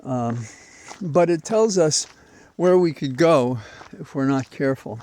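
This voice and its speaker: A man talking into a portable mic while out on a walk, rambling and reflective with many pauses. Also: fairly high pitch, darkish tone. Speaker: vlogger. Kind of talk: walking commentary. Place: outdoors on a walk. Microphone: portable mic carried while walking.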